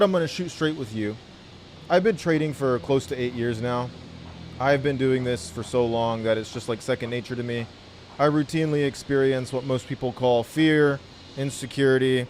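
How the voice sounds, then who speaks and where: A man's voice: mid-range voice, slight background noise. Blunt, swearing man teaching trading. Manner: blunt, laid-back, swears freely. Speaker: trading educator. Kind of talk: casual video tutorial.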